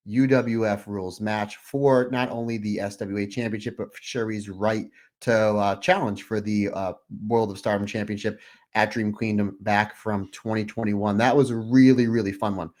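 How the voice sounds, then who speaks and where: A man co-hosting a podcast over a remote link, telling anecdotes in a lively, laughing, casual chat. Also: on the low side, moderate pace. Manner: animated anecdotal storytelling with laughs. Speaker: podcast co-host.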